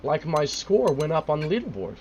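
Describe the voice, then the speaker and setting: A man's voice: fairly high pitch, big pitch swings, a little fast, a little mellow, a little hiss or hum. A young man streaming a game live, baffled and swearing, repeating himself, his voice cracking and cutting out.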